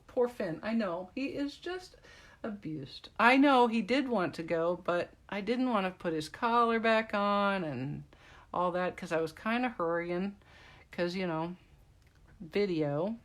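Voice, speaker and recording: A middle-aged woman demonstrating card making in a casual tutorial, chatting and rambling in asides to her viewers. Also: lowish voice. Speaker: craft demonstrator.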